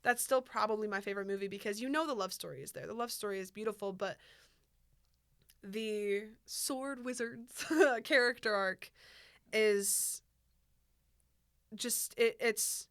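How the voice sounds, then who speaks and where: Podcast lady rambling excitedly about a movie, smooth clean voice, dry close sound. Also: mid-range voice, no echo. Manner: animated, rambling, quick bursts with laughs. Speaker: podcast co-host. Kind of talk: casual chat about a film.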